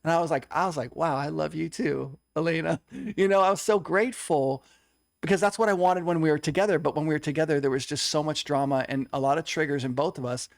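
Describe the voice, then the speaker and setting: A man's voice: a little high, fast talker, no echo, clean studio sound. A young man telling a personal story in a conversation, earnest and confessional, acting out what others said. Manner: earnest, confessional, tells stories with quoted dialogue. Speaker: co-host.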